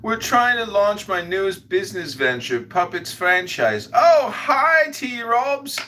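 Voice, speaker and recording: Loud, mocking male podcast host. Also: sits high, sing-song, takes it slowly, a little hiss or hum. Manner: loud, mocking, laughing insults. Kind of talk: crude comedic roast banter.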